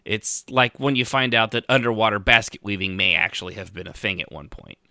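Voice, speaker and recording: A man's voice: fairly low pitch, a little fast, sharp tone, dry recording, clean studio sound. A man co-hosting a podcast, chatting casually with sarcastic jokes and rambling restarts. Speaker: podcast co-host.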